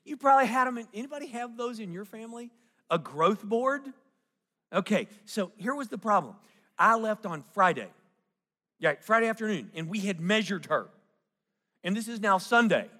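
This middle-aged male pastor has a high-pitched, bright, forceful voice. He tells a family story during his sermon, mixing in jokes and frequent questions to the congregation, and the church sanctuary adds a long reverb.

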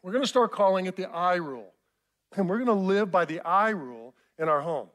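A man in his fifties preaching a sermon, telling a family story in an animated, self-mocking way. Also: high voice, fairly quick. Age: 50s. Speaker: pastor.

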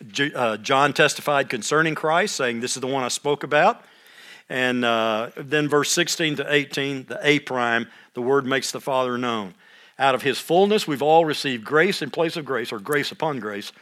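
An older man teaching a Bible study like a sermon, reading scripture aloud more loudly and dropping into quiet asides, often clearing his throat. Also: mid-range voice.

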